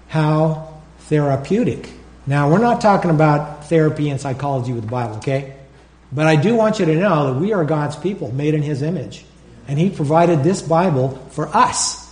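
Male pastor, somewhat high voice, animated sermon delivery with call-and-response, roomy church echo. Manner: animated, acts out prayers and calls for congregation responses.

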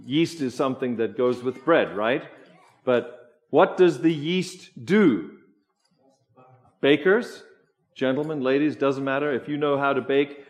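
A man preaching a sermon, slow and emphatic, asking the congregation questions as he goes. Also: mid-range voice. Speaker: pastor.

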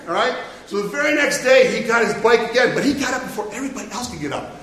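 A man tells a story to children, playful and quizzing his listeners. His voice is high, bright and very lively, and he sounds far from the mic in a roomy, echoing hall. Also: fast. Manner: playful, asks the audience questions.

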